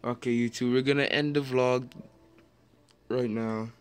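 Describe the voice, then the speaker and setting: Casual vlogger man, joking and teasing, medium-pitched voice, phone in hand. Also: steady tone, unhurried. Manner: playful, teasing banter. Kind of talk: casual vlog chat. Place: in a car. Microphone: handheld phone.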